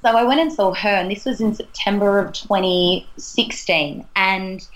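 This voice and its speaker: A woman's voice: mid-range voice, normal speed, poor audio. A young adult woman from Australia telling a personal story in an earnest, chatty way as an interview guest. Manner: earnest, chatty, laughs between thoughts. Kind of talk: casual storytelling in a podcast interview.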